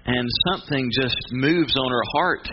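Male pastor, casual and emphatic, mid pitch; dull, hissy recording. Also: normal speed. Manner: conversational, emphatic, folksy. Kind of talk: sermon. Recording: muffled with steady hiss.

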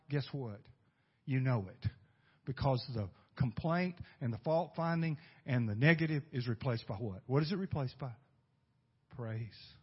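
A male pastor preaching a sermon, swinging from loud bursts to hushed asides and asking the congregation rhetorical questions. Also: a little high, husky. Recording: dull lo-fi recording.

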